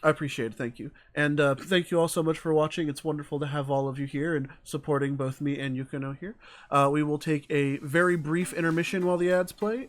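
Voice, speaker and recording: A stream host with a mid-range voice keeps things polite and formal. The delivery is courteous and steady. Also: medium pitch, quick pace. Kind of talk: live-stream interview hosting.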